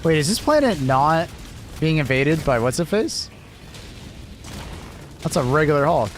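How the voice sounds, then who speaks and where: A man's voice: a little high, sing-song, a little slow, soft background music. A man casually chatting with his viewers on a gaming livestream, laughing often and answering chat.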